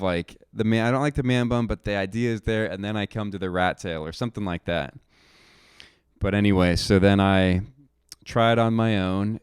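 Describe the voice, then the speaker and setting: A man's voice: on the low side, a little mellow, smooth, no echo, studio quality. A young man rambling through a casual monologue, swearing freely and acting out what he and others said. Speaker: podcast host telling a personal story.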